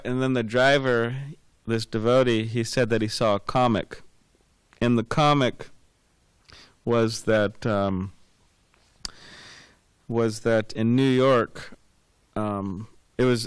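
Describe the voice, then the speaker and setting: A man's voice: mid-range voice, fairly even intonation, unhurried, smooth, no echo. A man giving a scripture class, rambling and repeating words with many fillers, telling anecdotes. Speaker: class speaker.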